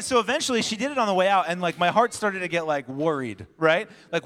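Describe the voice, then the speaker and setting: A man's voice: high-pitched, expressive, fast, few pauses, fairly bright tone, long reverb tail. A young male pastor giving a sermon with personal stories, acting out dialogue and laughing often.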